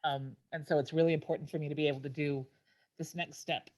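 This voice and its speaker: A woman in her fifties, tearful and emotional, telling her story haltingly with many restarts as a walk team captain on a video call. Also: sits low, steady tone, darkish tone. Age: 50s. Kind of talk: personal testimony on a video call.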